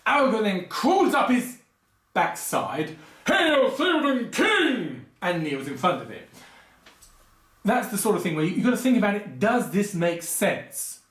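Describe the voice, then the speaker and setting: A man hosting a film commentary video, talking casually and going off on digressive, animated rants with lots of asides. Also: high-pitched, normal speed, echoey room.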